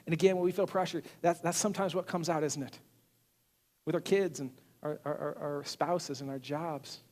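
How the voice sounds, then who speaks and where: Give me a high-pitched male pastor preaching with animated questions to the congregation. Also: normal speed, in a large hall. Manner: animated, acts out quotes, asks the audience questions. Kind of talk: sermon.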